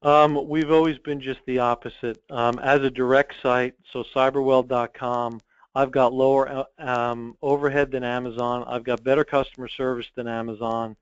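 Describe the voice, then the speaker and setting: A man's voice: mid-range voice, flat delivery, moderate pace, clear, resonant tone, no room sound, muffled recording. A man who owns an online store, talking directly and confidently as a guest in a business interview, with frequent ums. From United States.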